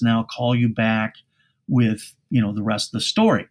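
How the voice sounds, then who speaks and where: A man's voice: lowish voice, steady tone, moderate pace. A man speaking as a guest expert on a cleaning podcast, telling anecdotes in a folksy way with frequent restarts. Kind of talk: podcast interview storytelling.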